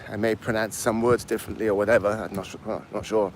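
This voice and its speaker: Walking uphill outside and short of breath, this Englishman in his fifties rambles through a casual live stream, reading out and replying to chat comments. He has a mixed English accent and a fairly low, flat voice, and he speaks quickly over slight background noise.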